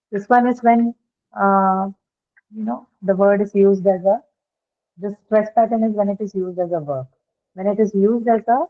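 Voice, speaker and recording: A woman teaching an English pronunciation lesson online, explaining patiently and often checking that her students follow. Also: medium pitch. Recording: phone-like online call audio.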